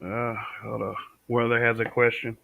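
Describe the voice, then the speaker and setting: A man's voice: medium pitch, flat delivery, moderate pace, vocal fry, background noise. A man from the American South hosting a casual live stream, speaking bluntly and answering viewers' comments. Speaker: livestream host. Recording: tinny, dry home-stream audio.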